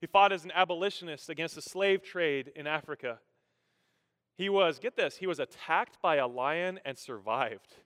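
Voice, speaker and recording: Bright-voiced pastor preaching in a hall. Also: male voice, normal speed. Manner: animated, self-deprecating humor, drops low and quiet for solemn moments. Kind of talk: sermon storytelling. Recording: long hall reverb.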